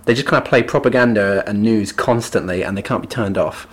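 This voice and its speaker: A man's voice: lowish voice, a little fast, breathy edge. A British man co-hosting a podcast, chatting casually about a book in a wry way and often ending remarks with tag questions. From Britain. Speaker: podcast co-host.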